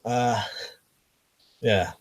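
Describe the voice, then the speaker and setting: A man rambles through a live stream, swearing casually and stumbling over restarts as he reads out comments. His voice sits at an ordinary middle pitch. The sound is dry and close, with no room around it. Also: steady tone, extremely slow, dry recording. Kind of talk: casual live-stream chat, reading viewer comments aloud.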